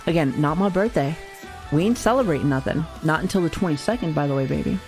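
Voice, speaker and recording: Talking fast in a low, darkish voice with faint music behind her, a thirtysomething woman jokes and curses her way through a live stream. She's chatty with her viewers and laughs a lot.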